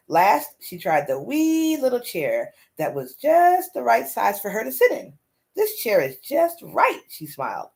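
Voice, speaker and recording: Woman reading a storybook, animated. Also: mid-range voice, creaky. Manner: expressive and animated. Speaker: storyteller host. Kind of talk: reading a children's story aloud.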